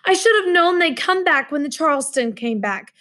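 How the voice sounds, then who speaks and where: A woman's voice: sits high, expressive, moderate pace, pushed and bright, pitched above the performer's own voice. A woman doing whiny college boy Petey. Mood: wailing. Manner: wailing, pleading. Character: young male college student, whiny, fad-obsessed.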